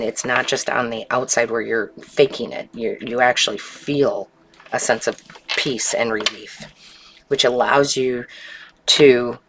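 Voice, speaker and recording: A woman giving an intuitive tarot reading in a calm, unhurried way, often checking in with the listener. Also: very deep voice, a little hiss or hum. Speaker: tarot reader.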